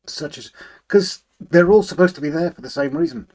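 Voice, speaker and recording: A man hosts a relaxed livestream from his model railway room. He reads out viewer comments, greets each person by name in a friendly, chatty way, and hums to himself while he tinkers with the layout. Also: sits high, moderate pace, vocal fry. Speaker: livestream host. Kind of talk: casual live chat, reading out viewer comments.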